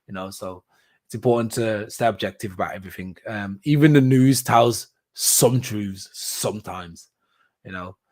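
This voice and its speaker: Rambling man with fillers and laughs. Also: mid-range voice. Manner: rambling, animated, laughs often, many fillers and restarts. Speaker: podcast host. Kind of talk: casual solo commentary.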